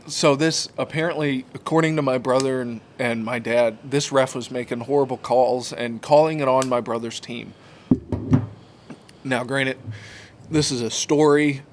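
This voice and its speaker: A man and podcast co-host telling a family story in a relaxed, casual chat. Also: medium pitch, a little hiss or hum.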